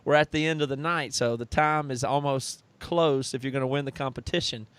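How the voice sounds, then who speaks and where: A man's voice: mid-range voice, steady tone, brisk, fairly bright tone, clean tone, dry recording. A man co-hosting a casual livestream chat, earnest and rambling, often restarting his sentences. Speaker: co-host and recording engineer.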